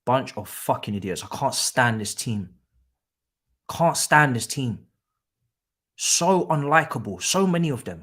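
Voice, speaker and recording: A man's voice: mid-range voice, expressive, a little slow, a bit bright. A man with hosting a live football watchalong, angry and swearing in a repetitive rant.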